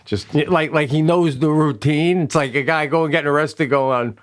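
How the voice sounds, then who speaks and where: Guy with a higher voice cohosting a comedy podcast, just riffing and joking around. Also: smooth. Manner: riffing, jokey, quick to build absurd bits. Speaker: co-host.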